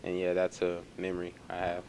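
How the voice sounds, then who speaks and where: Deep monotone teen boy, faint hiss. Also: fairly quick, clear, resonant tone. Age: teens. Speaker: classmate sharing a memory. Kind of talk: memorial tribute.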